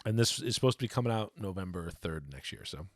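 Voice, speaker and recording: A man's voice: low voice, animated, fast, no room sound, studio quality. A man co-hosting a casual podcast, rambling and correcting himself as he goes. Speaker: podcast co-host.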